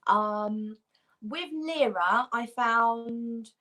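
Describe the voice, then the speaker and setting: Speaking extremely slowly, this British woman has a sharp tone and a voice on the high side. As a livestream guest, she chats casually and gushes with enthusiasm about fragrances.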